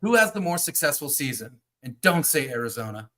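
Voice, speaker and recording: An upbeat man hosts a casual basketball podcast and reads viewer comments aloud. His voice is fairly high and sharply bright. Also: sing-song, fairly quick. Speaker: podcast host. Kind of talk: casual sports chat.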